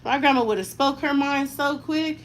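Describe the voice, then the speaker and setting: A woman in her thirties with a fairly high voice chats casually while she styles hair. She talks frankly in slang and drifts into lively tangents. A faint noise sits under her voice. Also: moderate pace, low-quality recording. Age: 30s. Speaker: mother doing her daughter's hair on camera.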